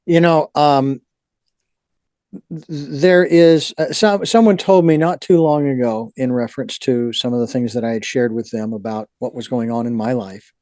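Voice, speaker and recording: A man's voice: mid-range voice, normal speed, darkish tone, no echo, studio quality. A man hosting a podcast, talking in a reflective, meandering way with frequent restarts. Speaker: podcast host. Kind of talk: reflective interview talk.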